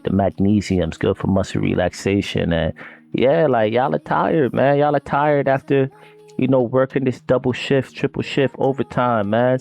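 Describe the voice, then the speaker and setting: A man's voice: mid-range voice, a little mellow. Slangy rambling man with faint music. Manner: slangy, loose and rambling, addresses listeners directly. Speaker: podcast host. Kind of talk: casual herbal talk.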